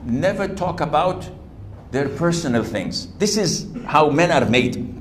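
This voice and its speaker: Animated man preaching, slightly high voice. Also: measured pace, soft background music. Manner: animated, acts out quoted voices. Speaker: Islamic preacher. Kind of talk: sermon lecture.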